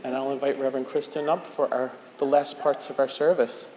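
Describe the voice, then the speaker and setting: In a large, echoey sanctuary with organ music behind, a man with a medium-pitched, darkish voice leads children's time briskly and with fairly even intonation. He's the director of lifelong faith formation, asking playful questions and singing along. There's a little hiss or hum.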